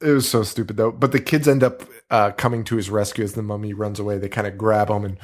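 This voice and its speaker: A podcast co-host with a lowish male voice talks fast in a casual movie review chat. He's animated, swears freely, and acts out scenes using silly voices.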